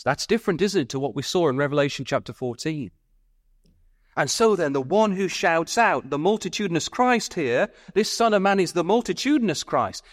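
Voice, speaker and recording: A man's voice: a little high, dry recording, studio quality. A man preaching a sermon at a Bible school, earnestly pressing his listeners with repeated questions and stumbling over his words when stirred.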